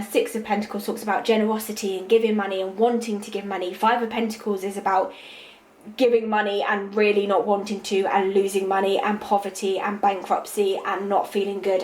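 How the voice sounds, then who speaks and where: A woman giving a tarot reading in a monologue. She speaks intuitively, pauses with fillers, and repeats key words for emphasis. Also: mid-range voice, darkish tone, roomy sound, low-quality recording. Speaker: tarot reader.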